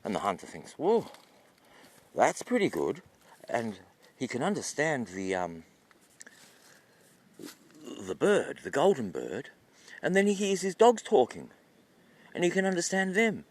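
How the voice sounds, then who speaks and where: A man telling a folk tale in a relaxed, chatty way. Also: medium pitch, a little slow, pauses often. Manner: relaxed, chatty, with fillers and restarts. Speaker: storyteller.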